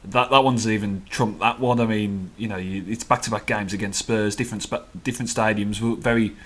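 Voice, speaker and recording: A man with a Black Country accent chatting as co-host on a relaxed football podcast. He talks in an easygoing way, pausing and restarting his sentences as he thinks. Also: fairly low pitch. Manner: easygoing, hesitant, many fillers and restarts. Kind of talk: casual football podcast chat.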